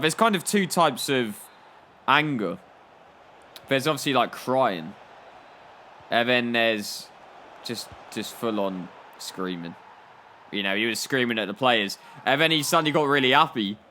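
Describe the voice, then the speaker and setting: Bright-voiced lad joking over gameplay. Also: male voice, mid-range voice, a little hiss or hum. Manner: playful storytelling, laughing at his own jokes. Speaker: gaming YouTuber.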